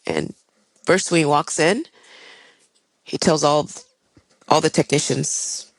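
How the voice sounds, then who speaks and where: A woman's voice: low voice, takes it slowly, vocal fry, dry recording, poor audio. Older woman telling a personal story. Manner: candid, reflective, with frequent fillers. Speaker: guest, airline pilot.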